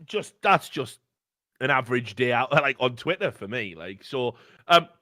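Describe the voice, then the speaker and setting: A man's voice: mid-range voice, lively intonation, normal speed, sharp tone, no echo, clean studio sound. A man co-hosting a casual podcast, talking in a rambling, emphatic, profane way. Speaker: podcast co-host.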